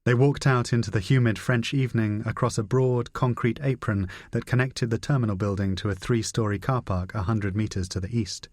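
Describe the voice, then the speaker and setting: A man reading a spy novel aloud in a measured, dry narration. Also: fairly low pitch, steady tone, a little mellow, no echo. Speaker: audiobook narrator. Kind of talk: scripted narration.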